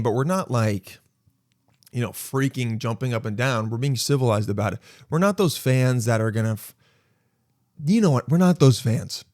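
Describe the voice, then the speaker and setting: A man hosting his own podcast, telling a story in a casual monologue and acting out quoted lines with sudden jumps in pitch. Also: no room sound, studio quality. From Los Angeles. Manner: animated, acts out quotes with sudden high jumps. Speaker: podcast host.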